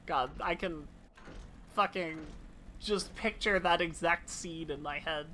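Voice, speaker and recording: A woman chats through a live gaming stream, reading lines aloud and cracking jokes. Her voice is bright and forward. She swears casually and drops into silly voices. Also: on the low side, takes it slowly, a little hiss or hum. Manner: reads game dialogue aloud in playful voices, swears casually.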